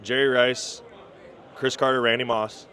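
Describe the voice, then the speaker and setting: An NFL wide receiver in his thirties from Minnesota, with a Minnesota accent, answers interview questions as a guest. His medium-pitched voice is flat, unhurried, and sharp in tone, and he comes across as easygoing and modest with lots of ums.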